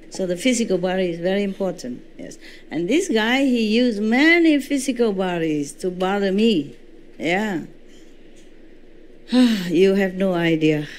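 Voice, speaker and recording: A woman spiritual teacher lecturing into a microphone at an indoor retreat, her English clearly non-native. She tells her stories with lively, dramatic reenactments and keeps checking in with her listeners. Her voice sits at a middling pitch. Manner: animated storytelling, reenacting her own shouts; frequent "you know" and "okay?" check-ins.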